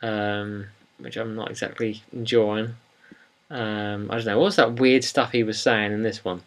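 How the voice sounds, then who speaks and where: A young man chats casually on a podcast. His voice sits fairly low. He rambles and hesitates, filling his sentences with ums. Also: flat delivery, moderate pace. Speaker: podcast co-host. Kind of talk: casual chat.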